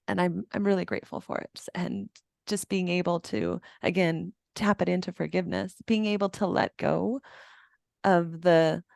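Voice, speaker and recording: A woman in her forties, a podcast guest and trauma embodiment coach, answering slowly and thoughtfully about healing and feeling things in her body. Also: mid-range voice, gravelly, dry recording, clean studio sound. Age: 40s. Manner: slow, searching, emotional talk about the body. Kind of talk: reflective interview answer.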